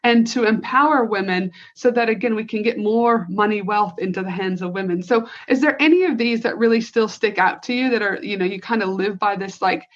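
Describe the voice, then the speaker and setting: A woman's voice: medium pitch, fairly quick, few pauses. A woman hosting a podcast interview, encouraging her guest and affirming often as she listens. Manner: encouraging, frequent affirming backchannels. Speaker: podcast host. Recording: slightly dull lo-fi audio.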